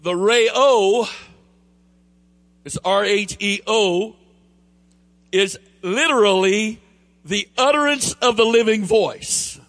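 A man with a Southern US accent preaching a sermon, emphatic and building to near shouts, then easing into quieter storytelling. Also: high voice, slow pace, long pauses. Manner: emphatic, rising to near shouts on key phrases; drops into a quieter storytelling tone for anecdotes.

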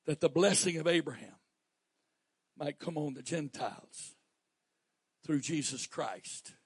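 Southern guy preaching, goes from soft asides to shouting, dry close mic. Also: on the high side, expressive, unhurried, vocal fry, breathy edge, no echo. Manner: preaching, swinging from quiet asides to shouted emphasis. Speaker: pastor. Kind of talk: sermon.

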